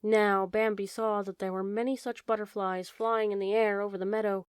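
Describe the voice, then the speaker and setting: A woman reading an old fairy tale aloud in a gentle, measured way. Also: mid-range voice, little pitch movement, smooth, no room sound, studio quality. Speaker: audiobook narrator. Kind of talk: storybook narration.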